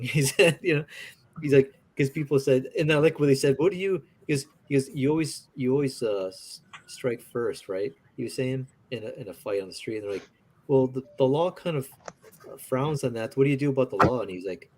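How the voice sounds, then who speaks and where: A man's voice: mid-range voice, animated, normal speed. Man, casual storytelling, rambling, lots of fillers, laughs, faint background noise.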